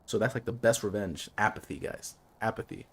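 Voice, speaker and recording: A man streaming a game, chatting casually with viewers and giving calm life advice. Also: fairly low pitch, fairly quick, slightly rough. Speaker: gaming streamer.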